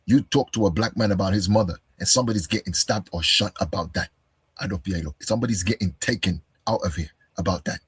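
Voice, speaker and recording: A fast-talking man with a low, slightly rough voice answers a video combatively, hitting its speaker with rhetorical questions and calling him "bro" to his face. The sound is dry.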